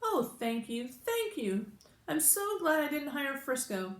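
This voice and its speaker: Brief: weepy little girl client in a read-aloud, put on by a woman, shrill and trembling, in a roomy space. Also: very animated, slow pace, exaggerated voice. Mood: tearful. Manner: sobbing, pleading, high-pitched. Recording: roomy echo.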